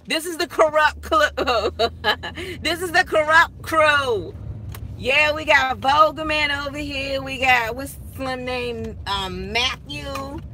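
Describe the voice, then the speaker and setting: A woman talks to her viewers from the driver's seat of her car, spinning animated stories with frequent laughter. Her voice sits high, with a bright, sharp edge. The tone is casual and chatty throughout. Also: slow pace, slight background noise. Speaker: vlogger talking to viewers. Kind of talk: casual chat while driving. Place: inside a car.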